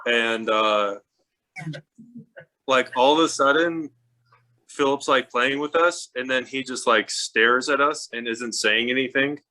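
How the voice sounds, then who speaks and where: A man from Utah telling a family story in a casual, animated way, laughing and filling with "like". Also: medium pitch, a little slow. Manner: animated, laughing, lots of "like" fillers.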